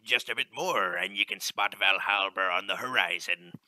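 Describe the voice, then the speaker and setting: A cheerful pirate-style caravan leader from a video game, voiced by a man doing an amateur impression. He rolls out his lines in a gruff pirate drawl full of old-fashioned slang. The voice sits low but sounds sharp and bright, recorded close and dry. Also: normal speed, dry recording. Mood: jolly. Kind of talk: amateur game voice-over reading.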